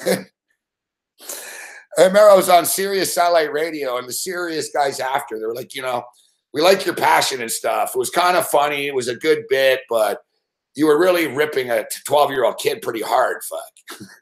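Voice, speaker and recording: A man hosting a live late-night sports betting show, telling stories in a profane, animated way with mock shouted outbursts. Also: medium pitch, moderate pace.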